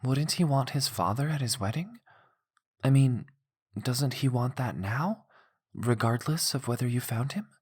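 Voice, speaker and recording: A man's voice: medium pitch, expressive, a little slow, darkish tone, breathy edge, pitched above the performer's own voice. A man voicing a caring, anxious young woman in an audiobook, questioning and rising with alarm.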